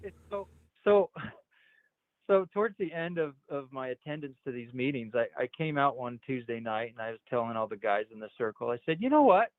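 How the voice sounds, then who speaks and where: Halting man on a tinny line. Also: medium pitch, dry recording. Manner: halting, repeats words, rises sharply when quoting others. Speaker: interview guest. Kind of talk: candid personal storytelling.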